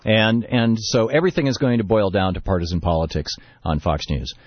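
A man from Detroit hosting political talk radio, speaking in a rapid, discursive, opinionated way. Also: on the low side, no room sound, dull audio. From Detroit, Michigan. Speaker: radio talk show host.

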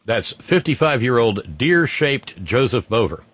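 A man co-hosting a talk show with a mid-pitched voice, heavy on sarcasm as he spins a news story. He breaks into mocking put-on voices now and then. The sound is dry and close, with no room around it. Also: big pitch swings, measured pace, a bit bright, no room sound. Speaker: co-host. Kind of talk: sardonic political banter.

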